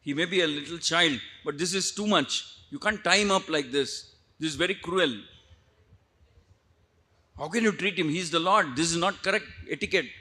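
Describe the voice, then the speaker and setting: A man's voice: a little high, fast talker, few pauses, pushed and bright. A man voicing an earnest young boy who insistently warns his mother. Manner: insistent, lecturing.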